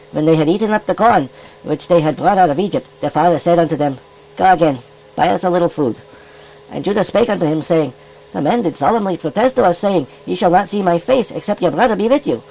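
A cheerful furry animal rabbi, played by a man, reads scripture aloud in a high, chirpy voice. His delivery is folksy and emphatic, leaning into the old-fashioned wording like a children's puppet show. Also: animated, fast, vocal fry, a little mellow, heavily acted, rough recording. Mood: storytelling. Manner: folksy, emphatic King James reading. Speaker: scripture reader. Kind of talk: puppet-style children's Bible reading.

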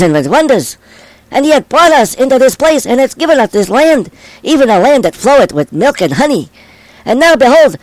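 A man with a rather high voice reads scripture in a steady, solemn cadence. He pauses at each short phrase. The recording is close and dry, with no room sound. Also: no echo, poor audio. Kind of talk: scripture reading.

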